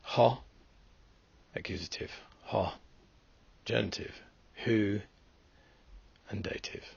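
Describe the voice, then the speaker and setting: Gravelly low-voiced man teaching. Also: slow pace, muffled recording. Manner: methodical, explains step by step. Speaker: Greek teacher. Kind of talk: recorded lesson walkthrough.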